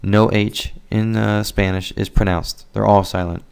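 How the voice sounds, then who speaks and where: Low, gravelly-voiced man teaching Spanish. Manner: relaxed, explains then models words slowly for repetition. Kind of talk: casual spoken language lesson.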